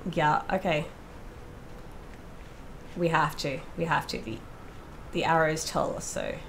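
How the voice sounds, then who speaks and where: A woman's voice: low-pitched, takes it slowly, creaky, slight background noise. A woman playing a horror game, talking casually to herself, swearing freely and screaming when startled. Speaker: let's play streamer. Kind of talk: casual gameplay commentary.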